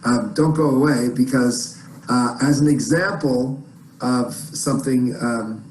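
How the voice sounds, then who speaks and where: A man's voice: mid-range voice, slow pace, a little mellow, echoey room, a little hiss or hum, rough recording. A man hosting an online music workshop, explaining in a rambling, encouraging way with many restarts. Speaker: workshop host.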